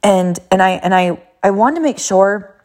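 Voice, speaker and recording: A woman's voice: medium pitch, expressive, moderate pace, darkish tone. A middle-aged woman, a mother, telling a personal story in an emphatic, repetitive way.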